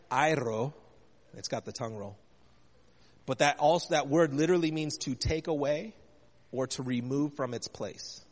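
Earnest preaching man in a reverberant hall. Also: a little high. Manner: earnest preaching, asks the congregation questions. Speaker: pastor. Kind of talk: sermon.

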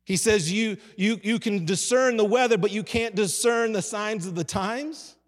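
A man's voice: high-pitched, normal speed, big-room sound. A man preaching a sermon as a pastor, calling on the congregation to answer back. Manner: call-and-response preaching to a congregation. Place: church.

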